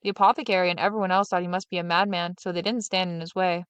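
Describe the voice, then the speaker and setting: Woman storyteller, fairy tale read-aloud, dry close sound, steady. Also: on the low side, quick pace, clean tone, no room sound, lo-fi sound. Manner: steady, expressive narration.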